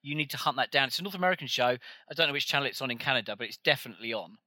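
Bright-voiced, blunt man. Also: mid-range voice, rapid-fire, dry recording. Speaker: podcast co-host. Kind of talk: casual chat.

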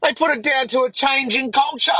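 High raspy ranting Australian man. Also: a little fast, pushed and bright, no room sound, poor audio. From Western Australia. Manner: angry sweary rant. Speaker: caller.

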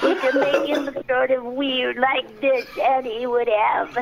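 A man's voice: extremely high pitch, level tone, slow pace, creaky, shouting, over a noisy crowd, voice pushed up, full character voice, poor audio. A man voicing a timid, simple-minded young male dwarf who rambles hesitantly and fearfully. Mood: nervous.

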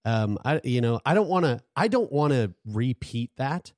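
A man's voice: mid-range voice, big pitch swings, moderate pace, darkish tone, dry recording, studio quality. A man co-hosting a podcast, talking in a loose, rambling way with lots of restarts and swearing. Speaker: podcast co-host. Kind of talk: casual chat.

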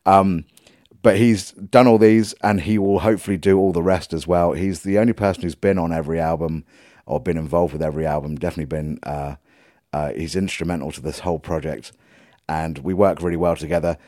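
A man's voice: sits low, steady tone, brisk, mellow, dry recording, clean studio sound. A middle-aged man from England hosting a podcast, talking casually with many ums, restarts and self-deprecating jokes. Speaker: podcast host and musician. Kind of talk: casual rambling monologue.

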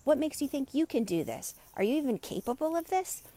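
A woman's voice: high voice, very animated, fairly quick, mellow, voice pushed up. A woman voicing a doubting inner critic who questions in a mocking, skeptical way.

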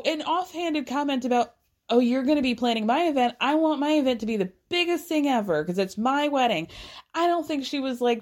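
A woman's voice: mid-range voice, darkish tone. A woman recapping a reality show in casual chat, opinionated and full of "like" fillers, with some casual swearing. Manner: opinionated, chatty, lots of "like" fillers.

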